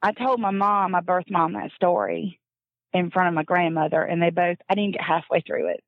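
A woman telling a personal family story in a casual, animated way, often laughing and acting out what others said. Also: on the low side, moderate pace, no room sound. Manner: animated, laughs often, acts out quoted voices. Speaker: guest telling her adoption story. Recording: dull lo-fi dry recording.

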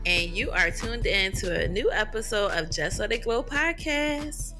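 Bright, lively-voiced woman co-host. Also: mid-range voice, unhurried, soft background music. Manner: laughing, profane, playful storytelling. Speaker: podcast co-host. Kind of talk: casual chat.

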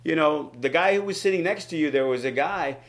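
A man's voice: brisk, creaky. A man, a wrestling promoter, telling stories in a casual interview, acting out quotes with big jumps in his voice. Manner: animated, acts out quotes with big pitch jumps.

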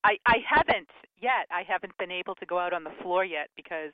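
A man's voice: sits high, quick pace, dry recording. A male radio co-host in casual talk, chatty and upbeat. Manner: chatty, upbeat self-promotion. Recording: phone-like lo-fi radio sound.

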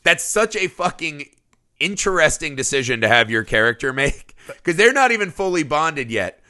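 Man, podcast co-host, very bright voice, laughs often, storytelling, casual chat. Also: fairly high pitch, very animated, moderate pace. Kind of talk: casual film discussion.

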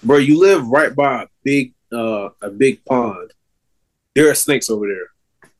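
A man's voice: mid-range voice, measured pace. Laid-back young man co-hosting a podcast. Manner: laid-back, rambling with fillers and restarts. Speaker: podcast co-host. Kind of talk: casual chat.

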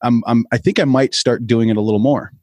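A man from Minnesota, a podcast guest, telling stories in quick, animated casual chat. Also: medium pitch, no echo, clean studio sound.

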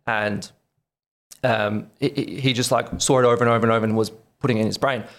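A man's voice: medium pitch, steady tone, quick pace. A man in his twenties with an Australian accent, telling his story enthusiastically as a podcast guest. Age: 20s. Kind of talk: casual storytelling.

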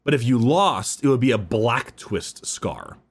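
A man talking lore on a casual podcast, swearing freely and getting animated as he explains. His voice sits at an ordinary middle pitch. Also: a little slow, slightly rough. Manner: profane, animated, reads quotes dramatically. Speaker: podcast co-host. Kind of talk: casual chat about game lore.

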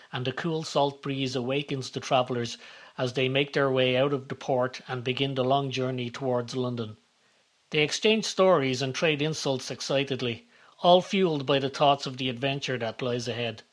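A man's voice: mid-range voice, normal speed. Man narrating a comic story. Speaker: narrator and author of the series. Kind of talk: scripted audio story narration.

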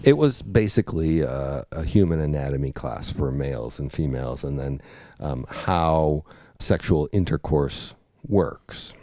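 A man's voice: very deep voice, lively intonation, unhurried, mellow, no room sound, clean studio sound. A middle-aged man, once a teacher, telling stories in a casual chat and laughing often.

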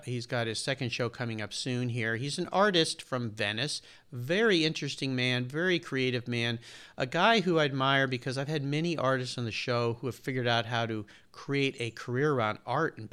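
Smooth-voiced man in his sixties. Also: medium pitch, a bit bright. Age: 60s. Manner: earnest, detailed, talks at length. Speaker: podcast host being interviewed. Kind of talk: casual interview talk.

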